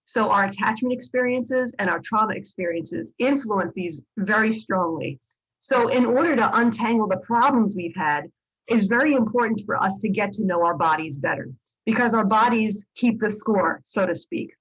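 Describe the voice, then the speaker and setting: A woman psychologist gives a calm teaching talk in a slightly husky, breathy voice at an ordinary middle pitch. She explains patiently and keeps checking in with her listeners with little "right?"s and "okay?"s. The recording sounds a little dull and lo-fi. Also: moderate pace. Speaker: psychologist teaching a video course. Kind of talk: lecture to camera.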